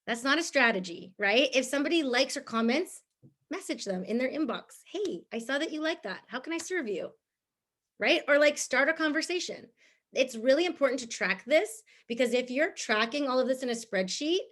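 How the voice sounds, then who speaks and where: A woman talking to her team in an upbeat, chatty way, with lots of fillers and frequent laughs. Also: a little high. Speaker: team leader. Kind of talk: motivational group talk.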